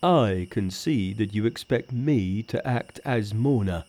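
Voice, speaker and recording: A man voicing a lazy, greedy pig-man disciple in an audiobook reading, with loud, drawn-out, grumbling speech. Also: on the low side, lively intonation.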